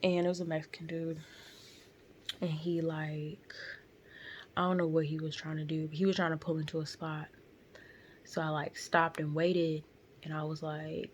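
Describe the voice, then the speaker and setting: Gravelly young woman telling a story. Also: fairly low pitch, normal speed, a little hiss or hum. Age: young adult. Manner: blunt, profane, animated. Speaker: vlogger. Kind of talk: casual storytelling. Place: in a car.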